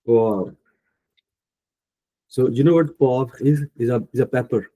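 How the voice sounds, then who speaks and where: A man with an Indian English accent teaching a French class online, speaking slowly and patiently, thinking aloud and correcting himself. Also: medium pitch, dark tone, rough recording. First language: Punjabi. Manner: slow, patient, thinking aloud with many fillers; self-correcting mid-sentence.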